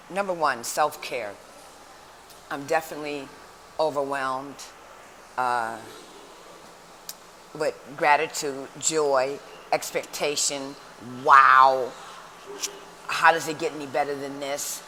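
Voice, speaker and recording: A woman's voice: sits low, slow, long pauses. Chatty woman vlogging over background noise. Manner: lively, chatty storytelling. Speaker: motivational speaker. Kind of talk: casual vlog talk. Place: indoors at a women's shelter. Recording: noisy background.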